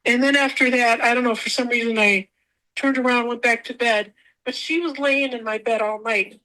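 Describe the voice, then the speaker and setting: Excitable woman telling a rambling story. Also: a little high, moderate pace, rough recording. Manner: rambling, repeats herself, animated. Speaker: podcast guest. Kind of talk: emotional personal storytelling.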